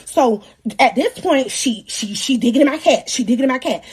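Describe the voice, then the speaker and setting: A high-voiced young woman with a breathy, husky edge spins a story for her live viewers. She talks loose and slangy, animated the whole way through, and jokes with her audience as she goes. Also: normal speed. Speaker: live-stream host. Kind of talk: casual storytelling on a livestream.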